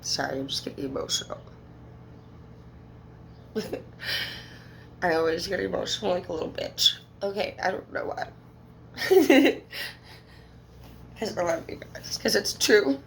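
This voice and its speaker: Woman, 30s, low gravelly voice, blunt tarot-reading monologue, slight background hiss. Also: moderate pace, pauses often, poor audio. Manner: candid, emotional, swears freely. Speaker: tarot reader. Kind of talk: casual monologue to viewers.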